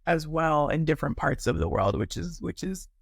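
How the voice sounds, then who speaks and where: An American woman, a podcast guest and life coach, tells personal stories in a relaxed, lively way, with sudden pitch jumps when she mimics other people. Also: moderate pace, vocal fry, slightly rough, no echo, studio quality. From United States. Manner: animated, acts out quoted people with sharp pitch jumps. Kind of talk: casual conversational storytelling.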